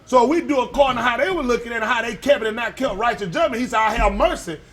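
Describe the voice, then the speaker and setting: A man with a notably high voice preaches in a loose, folksy way, cracking jokes as he goes. He quizzes the congregation and leaves gaps for them to call out the answers. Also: fast talker, a bit bright. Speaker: pastor. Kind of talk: sermon with call and response.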